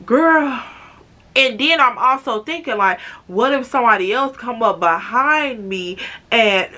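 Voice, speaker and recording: Young woman, storytime vlog, dramatic and chatty, slow unhurried delivery. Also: on the high side, pushed and bright. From Chicago, USA. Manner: dramatic, chatty, keeps calling viewers "girl". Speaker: vlogger.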